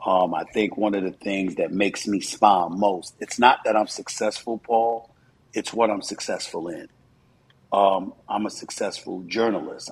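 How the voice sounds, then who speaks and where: A man's voice: on the low side, slightly rough, poor audio. A man in his fifties, a commentator, giving earnest, reflective interview answers with frequent fillers.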